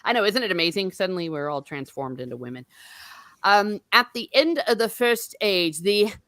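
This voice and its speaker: A woman's voice: mid-range voice, animated, normal speed, fairly bright tone, dry recording, clean studio sound. A woman hosting a casual book discussion livestream, chatty and laughing at herself. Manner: chatty, laughing, self-mocking. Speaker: host.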